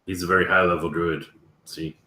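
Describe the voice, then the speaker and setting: A man's voice: low-pitched, level tone, fairly quick, bright, forceful tone, reverberant. A man joking around as a player at a tabletop game. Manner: wisecracking.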